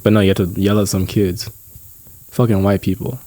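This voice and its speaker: A young man co-hosting a podcast, telling an animated story in casual chat, peppered with swearing and fillers. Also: on the low side, brisk. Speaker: podcast co-host.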